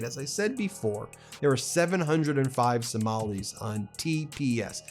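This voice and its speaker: A man's voice: mid-range voice, animated, moderate pace, hardly any pauses. Male political commentator, indignant and impassioned, faint music behind.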